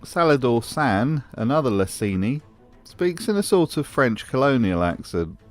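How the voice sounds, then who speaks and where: A man's voice: mid-range voice, very animated, a little slow, faint music behind. Dry, mocking male commentator. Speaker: video essay host. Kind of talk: scripted commentary voice-over.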